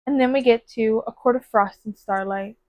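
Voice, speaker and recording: A woman's voice: a little high, steady tone, normal speed, darkish tone, no room sound. Gushing young-sounding woman reviewing books. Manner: gushing, filler-heavy, emotional. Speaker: book reviewer. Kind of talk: casual spoiler book review with read-aloud passages. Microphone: phone.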